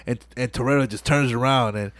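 A man hosting a podcast, excitedly retelling a movie scene by scene in profane, casual slang. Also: medium pitch, fairly quick, dry recording. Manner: profane, animated retelling full of "you know what I'm saying". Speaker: podcast host. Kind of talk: casual movie-recap chat.

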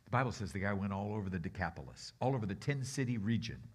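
Animated storytelling preacher, man. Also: lowish voice, fast talker, very noisy. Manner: animated, acts out voices, leads the crowd in repeating lines. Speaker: guest pastor. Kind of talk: storytelling sermon.

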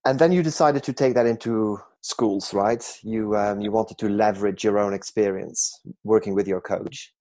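A man's voice: lowish voice, fairly even intonation, normal speed, hardly any pauses, mellow. A man hosting an interview, affirming what his guest says and reflecting on it. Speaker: interviewer host. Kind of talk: conversational interview.

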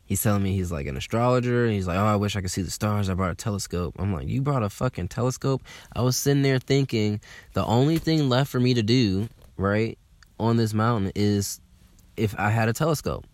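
A young man from telling a casual, animated story, swearing freely and using lots of fillers. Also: lowish voice, a little fast, no echo. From Atlanta, USA. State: slightly hungover.

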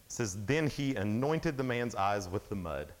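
A young man preaching a casual youth sermon, retelling Bible stories in an animated way with lots of fillers. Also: on the low side, normal speed, rough recording. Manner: animated storytelling, acts out Bible scenes; casual, filler-heavy talk with frequent "like". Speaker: youth speaker.

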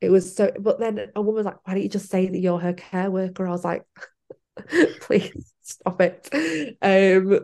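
On a podcast, a young woman guest tells her own story in a casual interview, her voice on the low side with a darkish tone. She laughs a lot and acts out the things she said back then.

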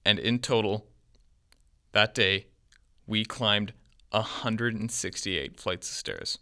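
Bright-voiced young man telling a story. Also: on the low side, slow. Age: 20s. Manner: rambling, animated storyteller with quoted voices. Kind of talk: casual storytelling chat.

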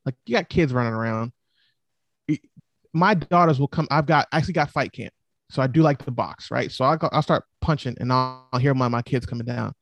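Male interview guest, mid-pitched voice, dry close sound, animated and talkative. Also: brisk, vocal fry, no room sound, muffled recording. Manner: animated, lively storytelling. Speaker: real estate investor guest. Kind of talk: casual interview chat.

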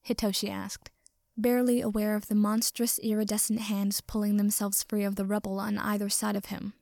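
A woman narrating fan fiction aloud in a measured, even storytelling voice. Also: medium pitch, dry recording, studio quality.

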